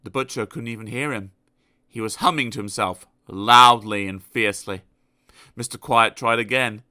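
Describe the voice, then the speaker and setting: A man narrating a children's storybook aloud in an expressive, animated storytelling manner. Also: mid-range voice, moderate pace, clean tone, no room sound, studio quality. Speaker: audiobook narrator.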